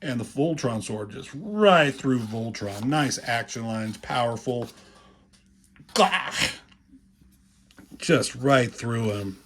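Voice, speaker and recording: A man giving casual, rambling commentary on comic pages, profane and full of filler words, with a husky voice. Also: medium pitch, lively intonation, slow, hardly any pauses, fairly bright tone.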